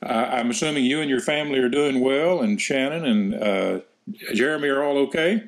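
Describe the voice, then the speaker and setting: A man's voice: mid-range voice, normal speed. Friendly man hosting a chatty interview. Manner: friendly, rambling, many restarts. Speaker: host, gospel quartet member. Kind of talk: casual interview.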